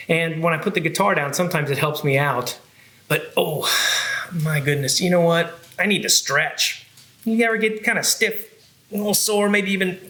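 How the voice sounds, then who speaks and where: A man's voice: high voice, sharp tone, echoey room. A man who is a children's librarian, leading a cheerful sing-song music and movement session for young kids.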